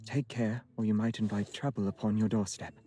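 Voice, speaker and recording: A man's voice: fairly low pitch, steady tone, brisk, mellow, faint music behind, natural voice. An actor with a British accent playing an aloof, formal young nobleman in a video game, speaking in stiff courtly phrasing. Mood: cool, formal. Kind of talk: game voice acting.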